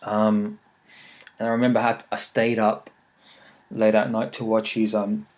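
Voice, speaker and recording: A man's voice: lowish voice, completely flat delivery, a little slow, a little mellow. A man, hosting a podcast and telling rambling, jokey stories laced with swearing. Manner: rambling, profane, jokey storytelling. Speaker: podcast host. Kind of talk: casual chat.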